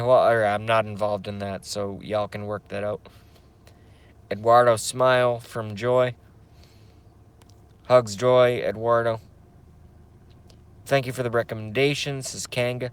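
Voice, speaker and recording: A man's voice: lowish voice, clear, resonant tone. A man hosting a casual livestream, rambling, swearing, and reading out viewer comments. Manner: rambling, profane, emotional; reads chat comments aloud. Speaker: livestream host.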